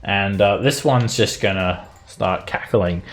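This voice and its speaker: A man narrating as game master of a tabletop game, laughing often and filling pauses with "uh" and "like". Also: lowish voice. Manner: laughs often while narrating, many fillers.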